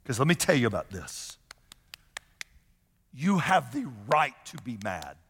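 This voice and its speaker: Animated man preaching in a reverberant hall. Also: mid-range voice, measured pace, breathy edge. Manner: animated, conversational, acts out quoted voices. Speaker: pastor. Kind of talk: sermon.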